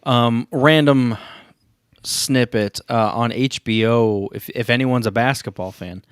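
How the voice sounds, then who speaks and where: A man co-hosting a podcast, rambling in casual chat, with frequent restarts and an animated delivery. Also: medium pitch, slow, clean tone, dry recording, clean studio sound. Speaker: podcast co-host.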